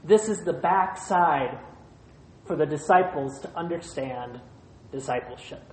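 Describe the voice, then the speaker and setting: A pastor preaching a sermon in short, measured phrases, retelling a scripture passage. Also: medium pitch, animated, a little mellow, a little hiss or hum. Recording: roomy echo.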